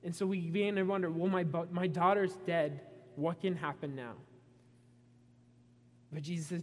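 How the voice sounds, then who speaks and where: A man preaching a sermon, retelling a story with animated asides and voicing the characters' frustration. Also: high-pitched, normal speed, long pauses. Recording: long reverb in a hall.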